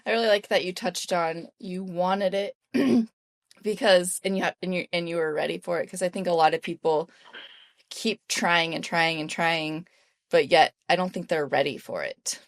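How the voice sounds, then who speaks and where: A woman's voice: lowish voice, fairly even intonation, normal speed, no room sound, studio quality. A woman in her thirties hosting an interview, asking questions in an encouraging, affirming way. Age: 30s. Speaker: interview host, sober coach.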